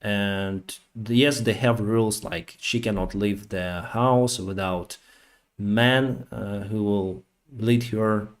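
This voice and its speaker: A man's voice: lowish voice, steady tone, takes it slowly. A man hosting a live stream, telling stories in a loose, rambling way with many fillers. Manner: rambling, with frequent fillers and acted-out quotes. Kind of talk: casual live-stream storytelling.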